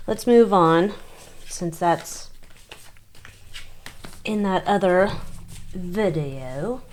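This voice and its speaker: A woman's voice: lowish voice, a little mellow. A woman reading tarot cards on her channel, thinking aloud in a loose, chatty way and swearing now and then. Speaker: tarot reader. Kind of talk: casual tarot reading monologue.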